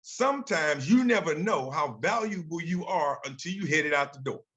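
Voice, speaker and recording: A man's voice: on the high side, animated, moderate pace, fairly bright tone. Older man telling leadership stories. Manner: storytelling, acts out quoted dialogue. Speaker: guest speaker. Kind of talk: motivational talk with slides.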